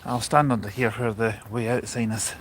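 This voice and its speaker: A man's voice: mid-range voice, flat delivery, normal speed, slight background noise, rough recording. A Scottish man hosting a casual outdoor livestream, chatting, joking and reading viewer comments aloud. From Scotland. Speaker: livestream host. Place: outdoors at a railway station in the rain.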